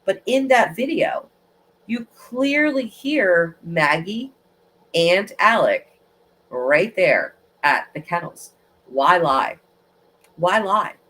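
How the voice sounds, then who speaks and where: A woman's voice: fairly low pitch, slow pace. A woman hosting a true crime livestream, chatting casually and rambling with lots of restarts. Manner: rambling, animated, with frequent restarts. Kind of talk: casual chat.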